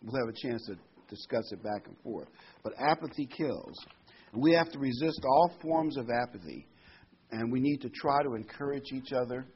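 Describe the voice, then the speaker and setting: A man's voice: mid-range voice, slightly rough. A man preaching a sermon to a small congregation in a conversational way, asking rhetorical questions and reading scripture aloud. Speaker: pastor. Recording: dull lo-fi recording.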